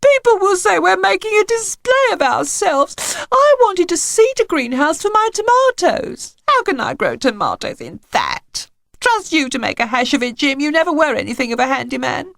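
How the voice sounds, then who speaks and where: A woman voicing a tearful, fussy suburban housewife who complains in a shrill, wailing voice, close to tears. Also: sing-song, a little fast, gravelly, sharp tone, no echo, exaggerated voice. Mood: tearful nagging.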